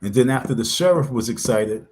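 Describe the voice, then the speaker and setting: A man's voice: mid-range voice, animated, brisk, darkish tone. Insistent man ranting on a livestream. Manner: repetitive, insistent and confrontational. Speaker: livestream host. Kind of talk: casual livestream rant.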